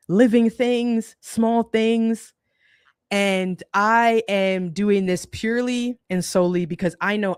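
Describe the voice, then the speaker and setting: A woman's voice: on the low side, no room sound. Casual woman livestream host, dry close sound. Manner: conversational, colloquial, laughs often.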